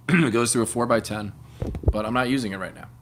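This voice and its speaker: A man's voice: a little fast, background noise. A man in his late thirties hosting a live stream, chatting casually in a rambling, laid-back way with plenty of swearing. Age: 30s. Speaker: livestream host, bassist. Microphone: open-air room mic. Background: loud bass playing.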